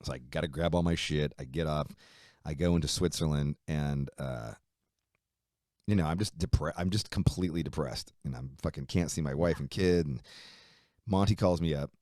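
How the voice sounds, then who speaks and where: Man guest, very low voice, dry close recording, casual storyteller who swears a lot. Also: normal speed, no room sound. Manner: swears freely, animated storytelling with quoted dialogue. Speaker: musician guest.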